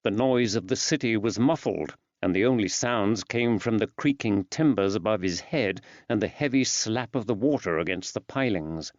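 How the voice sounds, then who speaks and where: A man narrating an audiobook in a measured, even storytelling delivery. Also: lowish voice, no echo. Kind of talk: scripted narration. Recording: dull dry studio sound.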